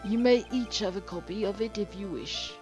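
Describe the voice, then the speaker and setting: A stately, pompous old judge speaks in formal, measured sentences, as a woman acts him out. The pitch sits in her middle range, with soft game music underneath. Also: lightly acted. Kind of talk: let's play character voice.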